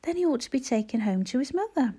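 A woman voicing a kind, practical mother in a storybook reading, brisk and caring. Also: high-pitched, sing-song, dark tone, breathy edge, voice pushed up, heavily acted.

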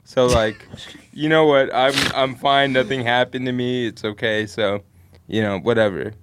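A man's voice: mid-range voice, steady tone, normal speed, noisy background. A young man on a podcast, casually telling a long story to friends, rambling with lots of fillers and swearing. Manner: rambling, laid-back, heavy swearing and fillers. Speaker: podcast co-host.

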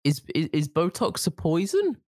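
A man's voice: on the high side, huge pitch swings, normal speed, darkish tone, no room sound. A young man chatting casually, teasing and joking around in a playful way. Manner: teasing, playful, jokes around with silly voices. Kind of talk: casual chat.

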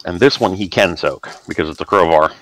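Low-voiced man running a tabletop game. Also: a bit bright, poor audio. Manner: casual, halting, many restarts. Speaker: game master. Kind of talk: narrating a tabletop role-playing game.

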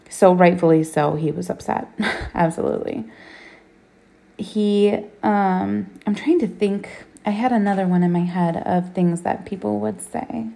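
A woman's voice: on the low side, creaky, darkish tone. A woman in her thirties hosting a solo podcast, talking candidly and bluntly with plenty of swearing. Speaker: podcast host.

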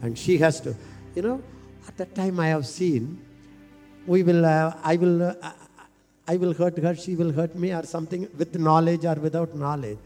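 A man from India preaching a sermon, impassioned and leading the crowd in call-and-response with slow, stretched phrases. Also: fairly high pitch, steady tone, a little mellow, soft background music.

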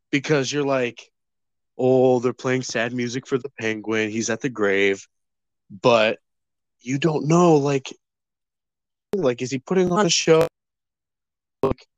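A man's voice: medium pitch, no room sound. Chatty man picking apart a movie. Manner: chatty, halting critique with many fillers. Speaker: podcast co-host. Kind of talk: casual movie chat.

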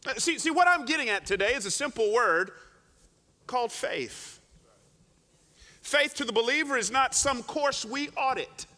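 Animated male preacher in a reverberant hall. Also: very high voice, normal speed, pauses often. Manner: animated storytelling with repeated restarts. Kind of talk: sermon.

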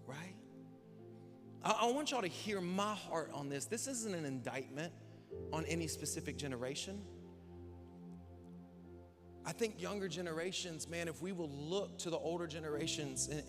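A young man preaching a sermon as pastor, swinging from hushed, slow lines to loud, emphatic ones, with casual asides. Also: a little high. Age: young adult. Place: large church hall. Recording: reverberant hall with music behind. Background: background music.

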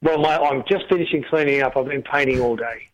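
Laid-back dad on the phone. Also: male voice, mid-range voice, fairly quick, highs cut off, a little hiss or hum. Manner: laid-back, joking, deadpan. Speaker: caller, guest's father.

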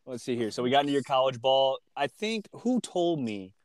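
A man's voice: mid-range voice, very animated, a little fast, no room sound. A young man hosts a casual podcast in a mid-range voice. He asks questions and teases his guest, laughing often. The sound is dry and close. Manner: joking, teasing interviewer, laughs a lot. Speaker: podcast host. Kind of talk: casual chat.

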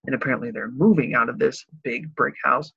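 A man's voice: a little fast, vocal fry, breathy edge, no room sound. A young man from Illinois chatting casually and animatedly, telling a story with lots of laughs. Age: young adult. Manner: animated, laughs often, breaks into high excited voices. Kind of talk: casual chat. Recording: dry, slightly dull lo-fi sound.

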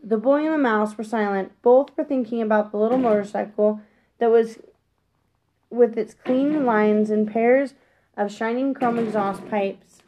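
A woman with a fairly high voice reads a children's chapter book aloud at an unhurried pace. She reads gently and sometimes stops to correct a slipped word. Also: a little hiss or hum, low-quality recording. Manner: gentle reading with occasional self-corrections. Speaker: storybook reader.

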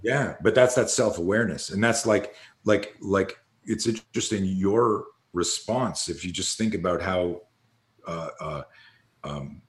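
A man's voice: low voice, measured pace. A man hosting a podcast, talking through ideas reflectively in casual chat. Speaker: podcast host.

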